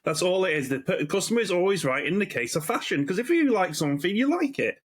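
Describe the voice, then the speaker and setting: A man from Blackpool, hosting a podcast and telling stories in a sweary, animated way. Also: high voice, quick pace, husky. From Blackpool, England. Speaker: podcast host. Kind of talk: casual chat.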